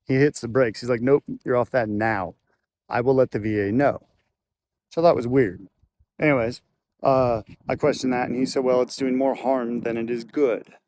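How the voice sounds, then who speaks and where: A man's voice: mid-range voice, darkish tone. Rambling man telling a story. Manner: rambling, loose, with fillers and restarts. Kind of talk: casual storytelling to camera. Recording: faint background noise.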